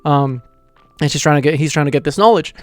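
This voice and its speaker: Man, anime channel host, casual rambling recap, very quick talker, trips over words and restarts, dry close recording. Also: a little high, no room sound. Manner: rambling recap full of "you know" and "like". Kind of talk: casual episode reaction review.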